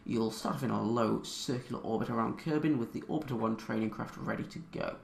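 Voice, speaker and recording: A man's voice: mid-range voice, fairly quick, gravelly, echoey room. A young man playing a space game, thinking aloud with many fillers and reading the tutorial text aloud. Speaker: gamer.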